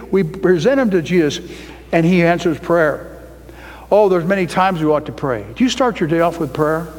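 High-voiced preaching man in a hall. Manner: emphatic, rising to loud high peaks. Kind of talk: sermon.

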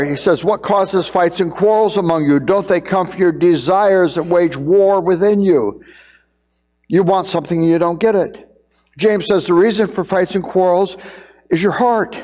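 A middle-aged man preaching as a pastor, earnest, sometimes acting out scenes in quick raised voices. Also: on the high side, a little mellow, long reverb tail. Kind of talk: sermon on parenting.

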